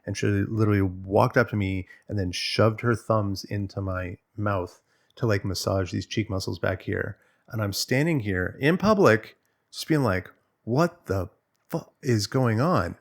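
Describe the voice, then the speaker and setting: A man's voice: fairly low pitch, normal speed, gravelly. A man working as a relationship coach, explaining in a loose, conversational way and telling stories with animation. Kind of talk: casual explanatory monologue.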